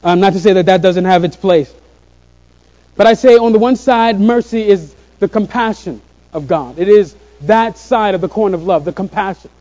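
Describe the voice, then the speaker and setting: A man with a high, mellow voice preaches earnestly to a room of listeners, drawing out the phrases he wants to land. The recording sounds dull and lo-fi. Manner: earnest, slows on key phrases. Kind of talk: sermon. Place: room with a congregation.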